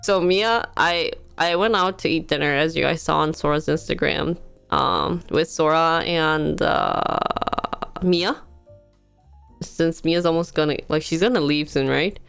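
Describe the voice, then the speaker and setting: A woman's voice: deep voice, measured pace, gravelly, fairly bright tone, clear, resonant tone, faint music behind. A woman livestreaming from home, telling stories in a casual, chatty way and laughing often. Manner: chatty storytelling, frequent laughter.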